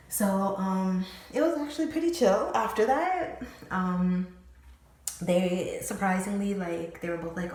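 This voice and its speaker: A woman's voice: medium pitch, unhurried. A young woman telling a storytime vlog story in casual slang, swearing freely and packing her talk with "like". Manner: slangy, profane, animated retelling with lots of "like". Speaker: storytime vlogger. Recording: very echoey room, faint noise.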